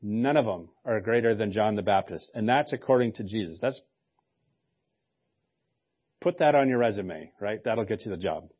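A man's voice: fairly low pitch, expressive, moderate pace, long pauses, breathy edge, lo-fi sound. A male pastor preaching a sermon in a conversational way, with joking asides.

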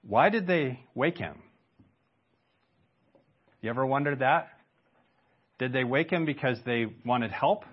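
A man's voice: mid-range voice, lively intonation, slow, pauses often, highs cut off. A man preaching a sermon in a conversational way, stopping for rhetorical questions and asides. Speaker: pastor.

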